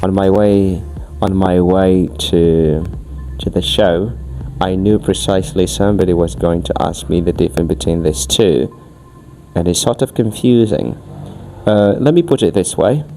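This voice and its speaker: A man's voice: low voice, a little slow, mellow, soft background music. A man, an English teacher explaining at length on a podcast, emphatic and often restarting his phrases. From Angola. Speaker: English teacher being questioned.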